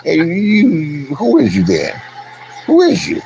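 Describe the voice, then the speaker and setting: Gravelly older man ranting boastfully. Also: on the high side, wildly swooping pitch, slow, a little mellow. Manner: boastful, taunting, swaggering. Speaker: online commentator. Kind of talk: profane livestream rant. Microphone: phone.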